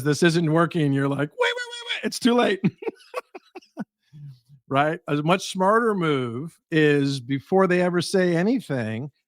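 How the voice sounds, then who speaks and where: Recorded dry and at studio quality, this podcast guest speaks in a voice on the high side. He's a sales trainer offering advice, bringing his stories to life by performing the characters' voices.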